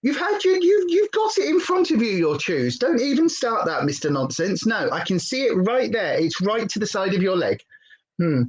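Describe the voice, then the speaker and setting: A British woman chats on a home livestream, her pitch swooping up and down as she tells stories. She is a former presenter and drifts easily from one tangent to the next. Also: normal speed, breathy edge, poor audio. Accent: British English. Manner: chatty, wanders off on tangents, lively storyteller. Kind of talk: casual livestream chat. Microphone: headphones with desk setup.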